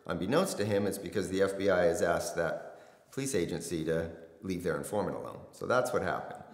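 A man's voice: low voice, animated, fairly quick. A middle-aged man, a former detective, recounting a case in blunt, conversational interview talk. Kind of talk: casual storytelling interview. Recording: echoey room with long reverb.

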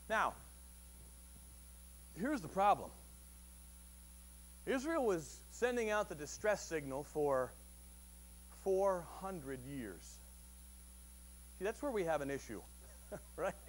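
High-voiced man preaching conversationally. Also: animated, normal speed. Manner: conversational, asks the audience questions; acts out quoted voices with sudden loud bursts. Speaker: pastor. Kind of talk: sermon. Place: church service.

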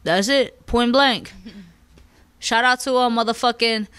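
A woman's voice: fairly high pitch, takes it slowly, fairly bright tone, smooth, no room sound. A woman hosting a podcast, giving her opinions in casual chat in an emphatic, profane way, often checking "you understand?". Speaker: podcast host.

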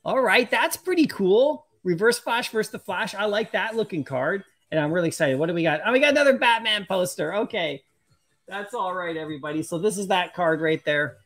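A live-stream host opening collectible packs, chatting casually and excitedly with viewers and laughing often. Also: medium pitch, brisk. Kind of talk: casual live-stream chat, reading viewer comments aloud.

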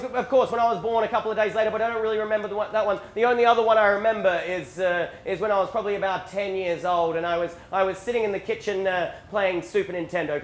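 A man with an Australian accent, a stand-up comedian telling animated stories about his upbringing with shouted bursts. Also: high-pitched, slight background noise. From rural South Australia. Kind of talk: stand-up storytelling. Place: theatre stage before a live audience. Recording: roomy stage sound with faint ambience.

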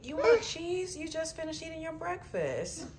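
A woman's voice: very high-pitched, big pitch swings, moderate pace, very noisy. A young mother filming a casual home vlog, chatting to her toddler in a doting sing-song way and laughing often. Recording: music playing under the voice.

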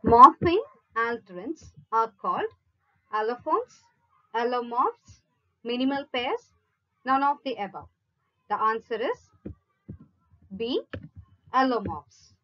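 A woman reads exam questions aloud in a measured, unhurried lesson, pausing through each option in turn. Her voice sits high and swings widely in pitch. The recording sounds a little muffled and lo-fi. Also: animated. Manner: measured, reads each option in a list then gives the answer. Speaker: teacher reading exam questions. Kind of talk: slow read-out quiz lesson.

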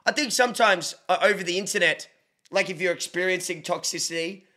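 A young man streams from home on a desk microphone. His voice is bright and sits somewhat high. He chats casually, jokes with chat and breaks into playful shouts. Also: brisk. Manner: animated, joking, bursts of mock shouting. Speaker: livestreamer.

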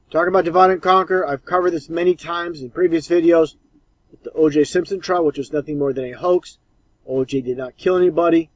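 A man's voice: a little high, dry recording, dull audio. A man commenting scornfully and insistently over old clips.

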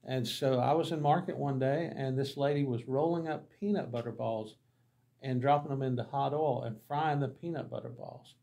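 A man's voice: mid-range voice, fairly even intonation, normal speed, vocal fry, dark tone. A man, a pastor teaching a Bible class, telling folksy, humorous mission stories and acting out the dialogue. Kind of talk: anecdotal Bible lesson storytelling.

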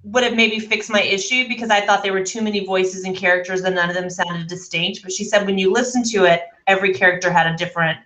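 A woman leads a casual book club discussion, blunt and unafraid to swear. Her voice is bright and crisp, at a middle pitch. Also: steady tone, quick pace, few pauses, low-quality recording. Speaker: podcast co-host, discussion leader.

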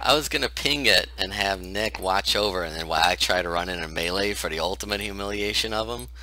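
A man's voice: low voice, brisk, sharp tone, low-quality recording. A man chatting casually while playing a team game with friends, laughing often and teasing them. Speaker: gaming channel host.

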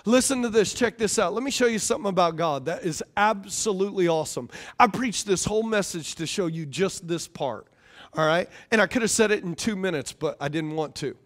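A man pastor preaching a sermon in a conversational, animated way, often repeating his phrases. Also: high voice, a little fast.

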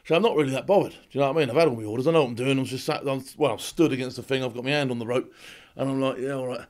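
A man, a former special forces soldier, telling animated war stories as a podcast guest, laughing often and acting out shouts and quotes. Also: medium pitch. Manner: fast, laughing anecdotes with acted-out shouts and quotes. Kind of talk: animated storytelling.

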